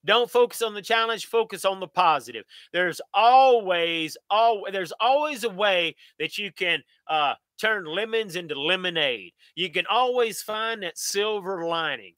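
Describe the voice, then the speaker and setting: Guy doing a live q&a, folksy and upbeat, bright high voice. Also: expressive, a little slow, few pauses, no room sound. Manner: folksy, upbeat, talks straight to viewers. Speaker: channel host. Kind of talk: live Q&A stream.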